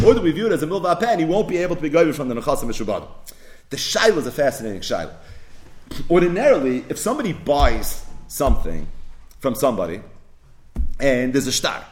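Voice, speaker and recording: A man teaching a Talmud class, mixing Hebrew and Yiddish terms into his English and acting out both sides of the case. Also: fairly high pitch. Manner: acts out both sides of the case in story voices. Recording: echoey room.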